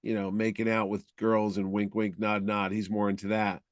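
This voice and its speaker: A man co-hosting a podcast in casual chat, telling stories in a rambling, animated way. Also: fairly low pitch, normal speed, no room sound. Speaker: podcast co-host.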